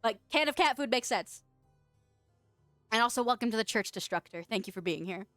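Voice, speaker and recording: A woman's voice: fairly high pitch, animated, fairly quick, a bit bright, no echo. A young woman streaming, chatting casually with viewers, reading out their messages and laughing often in a playful, giggly way. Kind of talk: casual livestream chat, reading out chat. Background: faint background music.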